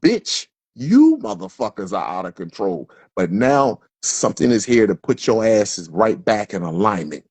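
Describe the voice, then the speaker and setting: A man's voice: fairly low pitch, sing-song, measured pace, few pauses, darkish tone, husky, dry recording. A man delivering a heated, profane livestream rant from Philadelphia, stumbling over repeated words as he builds up. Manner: profane, fiery, repetitive, stammering restarts. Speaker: livestream host.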